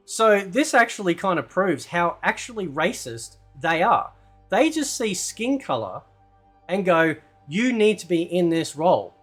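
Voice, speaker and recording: On a commentary channel, a male host rants in a loose, combative, rambling way, full of fillers and swearing, and keeps asking "right?". His voice is a little high and a bit bright.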